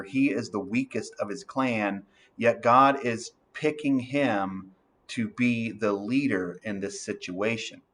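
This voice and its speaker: A man's voice: fairly low pitch, slow pace, fairly bright tone. A male pastor preaching an earnest sermon, reading scripture aloud and applying it to listeners.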